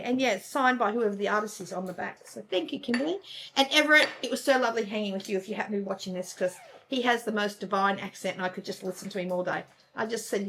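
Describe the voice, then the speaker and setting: A woman's voice: medium pitch, background noise. A woman co-hosting a casual crafting chat, gushing and chatty, often trailing off mid-sentence. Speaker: co-host of a cross-stitch channel.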